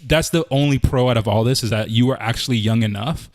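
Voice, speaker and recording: A man's voice: mid-range voice, fast talker, a little mellow, no echo. Podcast guy rambling through a story, lots of "like", dry close mic. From Canada. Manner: loose storytelling, lots of "like" and "I'm like". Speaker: podcast co-host. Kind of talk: casual podcast chat.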